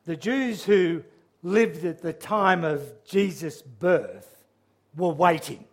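A man preaching a sermon, earnest and measured, with frequent restarts, who raises his voice when he quotes a psalm's cries. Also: fairly high pitch, expressive. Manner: quotes scripture in a raised, crying-out voice.

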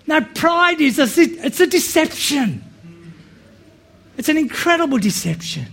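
A man with a high, light voice delivers a sermon. He speaks slowly and with emphasis, then breaks into quick, animated asides before settling back into a steady preaching rhythm. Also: gravelly.

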